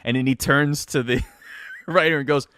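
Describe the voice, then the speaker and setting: A man's voice: fairly high pitch, steady tone, normal speed, a bit bright, no echo, clean studio sound. A man, a wrestling announcer, tells stories in casual chat with lots of animation, laughter and fillers. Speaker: wrestling announcer, podcast guest.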